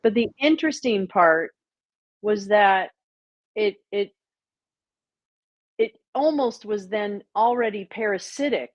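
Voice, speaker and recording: A woman hosting a livestream, talking in blunt, profane casual chat and telling stories with animated energy. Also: medium pitch, slow, long pauses, no room sound. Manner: blunt, sweary, animated storytelling. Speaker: livestream host. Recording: muffled lo-fi audio.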